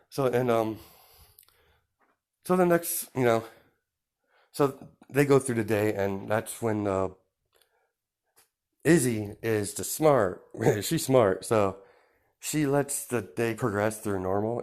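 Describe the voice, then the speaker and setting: A man improvising a fan story out loud, rambling through fillers and restarts. His voice sits on the lower side and his telling stays casual.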